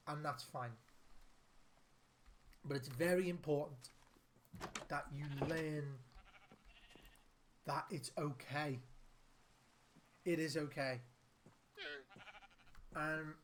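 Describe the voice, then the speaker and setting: A man, a father and gaming video host, speaking earnestly and heartfelt to the camera, repeating his points for emphasis. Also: fairly high pitch. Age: adult, father of a young son.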